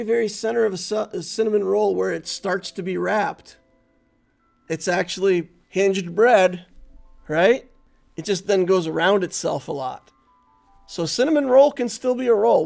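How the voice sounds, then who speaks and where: A man's voice: high-pitched, creaky, a little mellow. A man giving casual live-stream commentary on a game, chatting playfully with viewers and laughing easily. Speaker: gaming streamer.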